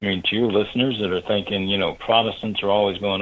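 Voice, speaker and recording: A man as an interview guest, telling a story in an animated way that rises with excitement. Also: on the low side, quick pace, few pauses, low-quality recording.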